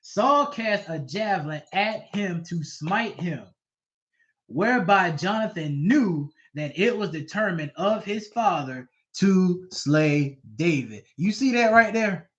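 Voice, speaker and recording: A male bible teacher reads verses aloud and explains them in loose, animated everyday talk. He keeps checking with his listeners, asking if they understand. His voice is high-pitched, and the recording sounds dull and lo-fi. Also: slow.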